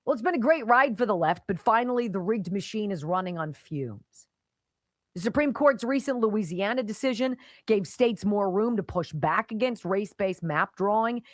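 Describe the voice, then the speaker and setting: A woman's voice: mid-range voice, lively intonation, normal speed, no room sound. A middle-aged woman hosting a talk radio show, delivering an opinionated monologue with sarcastic, punchy asides.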